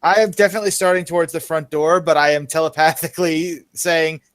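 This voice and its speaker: A man's voice: a little high, fairly even intonation, fast talker, fairly bright tone, no room sound. A man playing a tabletop game, casual and joking. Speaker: player.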